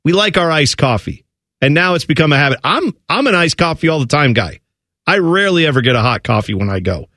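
Joking sports radio co-host. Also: male voice, on the high side, big pitch swings, bright, forceful tone, dry recording, studio quality. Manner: joking, quick reactions, laughs along. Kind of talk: casual radio banter. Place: radio studio. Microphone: close studio mic.

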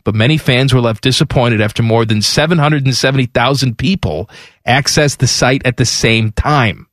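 A man's voice: medium pitch, normal speed, fairly bright tone, dry recording, clean studio sound. A man co-hosting casual sports talk with a wry manner who reads news items aloud. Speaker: sports radio co-host.

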